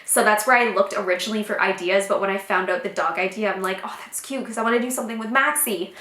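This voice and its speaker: A young woman vlogger telling a personal story casually to her viewers, chatty and animated, acting out what people said. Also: medium pitch, quick pace, roomy sound. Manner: chatty, animated, many fillers and acted-out quotes.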